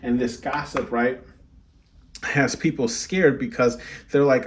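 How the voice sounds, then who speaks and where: A man's voice: mid-range voice, fairly even intonation, slow. A young man giving a casual tarot card reading, talking straight to his viewers and checking in often with "right?" and "okay?". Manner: chatty, frequent "right?" and "okay?" check-ins.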